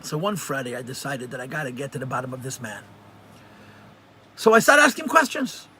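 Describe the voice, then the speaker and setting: A man, a rabbi, teaching a live religious class and telling stories in an animated way, often repeating phrases for emphasis. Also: mid-range voice, fairly quick, breathy edge.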